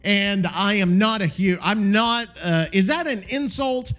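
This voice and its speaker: A man's voice: sits high, unhurried, faint music behind. A man hosting a solo podcast, rambling and swearing a lot, sounding tired. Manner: profane, rambling, animated. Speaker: podcast host. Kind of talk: casual solo podcast rant.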